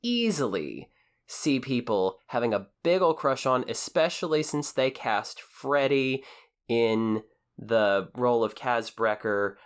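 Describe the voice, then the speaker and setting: A man co-hosting a casual podcast, talking in an earnest, measured way as he runs through news and listener shout-outs. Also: medium pitch, animated, clean tone. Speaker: podcast co-host.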